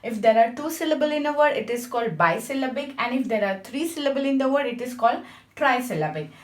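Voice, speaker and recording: A woman's voice: on the high side, expressive, fast talker. A woman teaching a grammar lesson, patiently spelling out letters and checking with her class. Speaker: English teacher. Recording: echoey room, mic at a distance.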